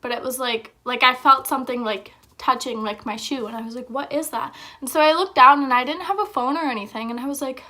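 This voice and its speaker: A woman's voice: sits high, quick pace, hardly any pauses, pushed and bright. A young woman vlogger telling a story in a chatty, casual way, with lots of filler words.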